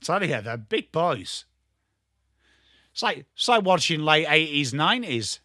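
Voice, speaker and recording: A man's voice: a little high, very animated, unhurried, bright, forceful tone, dry recording, clean studio sound. A man with an English accent giving live, chatty and jokey football watchalong commentary, greeting viewers by name. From England. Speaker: watchalong streamer.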